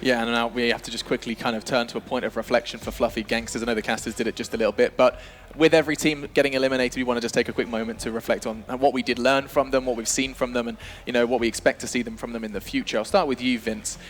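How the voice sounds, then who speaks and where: A man's voice: mid-range voice, fairly even intonation, fast, few pauses. A man hosting an esports analysis desk, energetically steering questions to his panelists. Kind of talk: fast studio analysis chat.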